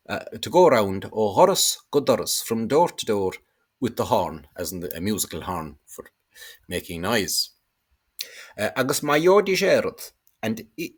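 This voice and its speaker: A man with a deep, husky voice talks through a language lesson. He hesitates often on fillers and then lifts his voice to stress each word he quotes. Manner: hesitant, many fillers, pronounces Irish words with emphasis. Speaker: Irish language teacher. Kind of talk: explanatory lesson.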